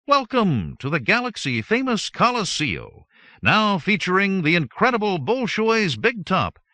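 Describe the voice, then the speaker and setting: A man's voice: high voice, wildly swooping pitch, unhurried, bright, forceful tone, no room sound, pitched above the performer's own voice, heavily acted. A man voicing a cheery automated phone menu that lists options to press. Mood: chirpy. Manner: cheery recorded announcement.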